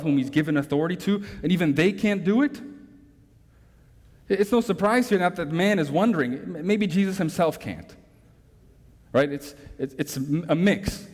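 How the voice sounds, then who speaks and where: A man's voice: fairly high pitch, a little mellow. A man preaching a sermon as pastor, emphatic, drawing in listeners with rhetorical tag questions. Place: church sanctuary. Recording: long reverb from a large hall.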